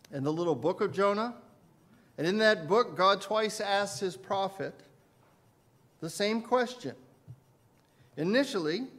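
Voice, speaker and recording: A man preaching a sermon as pastor, swinging between loud emphasis and quiet asides and putting questions to his listeners. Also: high voice. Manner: asks the congregation questions.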